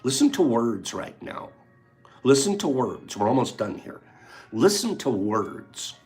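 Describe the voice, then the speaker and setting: A man hosting a reflective spiritual talk, reading passages from a book aloud and mixing in his own animated remarks and soft asides. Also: medium pitch, measured pace, faint music behind. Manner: animated, swinging between loud emphasis and soft asides. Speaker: podcast host.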